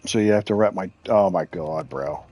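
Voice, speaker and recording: A man with a low, warm voice hosts a live game stream at a normal pace, with soft music playing behind him. He chats casually with viewers, rambling and often laughing as he reacts to their messages.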